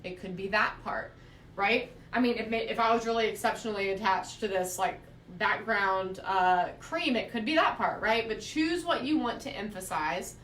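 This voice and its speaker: A woman's voice: mid-range voice, moderate pace, a bit bright, recorded from a distance, a little hiss or hum. Woman quilting teacher, conversational live-stream delivery, roomy echo, a bit off-mic. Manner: chatty, frequent "right?" check-ins.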